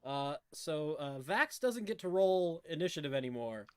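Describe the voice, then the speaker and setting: Casting note: deadpan player with lively pitch and a dry sound. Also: normal speed, clear, resonant tone, dry recording. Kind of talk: casual tabletop play.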